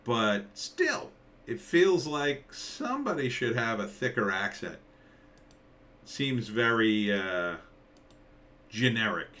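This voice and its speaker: Slow and full of pauses, this commentator's voice swings widely in pitch with a bright, forceful tone. He's a forties New Jersey man giving a rambling, sardonic reaction to a trailer, breaking into high, mock-surprised quotes.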